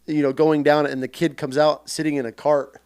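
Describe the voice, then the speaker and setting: A man from central Washington who served as a Marine, telling stories on a podcast in a casual, animated way and acting scenes out loudly. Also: on the high side, a little fast, clean tone. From central Washington, USA. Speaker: podcast guest, Marine veteran. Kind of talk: casual storytelling.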